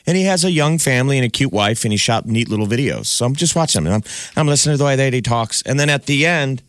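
A man's voice: mid-range voice, animated, fast talker, fairly bright tone, no echo, clean studio sound. A man co-hosting a radio show, telling stories with wry humor. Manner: storytelling, wry. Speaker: radio co-host. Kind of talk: casual radio banter. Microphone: studio microphone.

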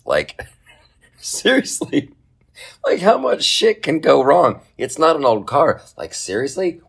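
A man hosting a podcast, telling a comic story in a casual, profane way and jumping into high mocking voices for other people. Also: a bit bright. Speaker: podcast host.

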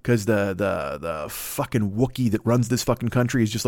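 A man's voice: lowish voice, expressive, moderate pace, few pauses, darkish tone, dry recording, studio quality. A man hosting a comedy podcast, rambling through a profane, self-interrupting rant. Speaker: podcast host.

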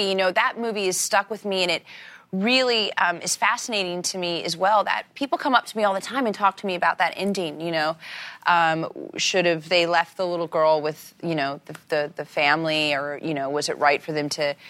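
Earnest, reflective actress in low tones. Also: female voice, normal speed, sharp tone. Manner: earnest and reflective, restarting phrases. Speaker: actress guest. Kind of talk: casual interview.

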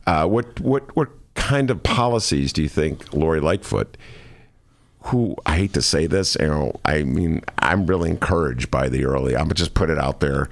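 Lively gravelly-voiced male host. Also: a bass voice, moderate pace, dry recording. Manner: animated, joking, puts on mocking voices. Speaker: podcast host. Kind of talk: casual political chat.

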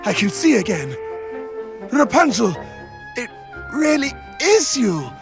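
Guy doing a kind young prince voice, earnest and courtly, slow and lively. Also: high voice, music in the background, pitched above the performer's own voice, exaggerated voice.

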